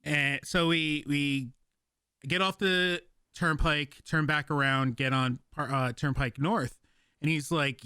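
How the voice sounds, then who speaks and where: Bright-voiced man. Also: a little high, measured pace, clean tone, dry recording, studio quality. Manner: animated, profane storyteller, stumbles and restarts. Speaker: podcast host. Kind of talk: casual podcast storytelling.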